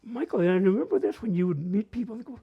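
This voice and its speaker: A man's voice: high-pitched, fast talker, gravelly, husky, lo-fi sound. A man with a northern New Mexico accent telling humorous personal stories at a community open mic and dropping in Spanish phrases. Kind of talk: casual personal storytelling.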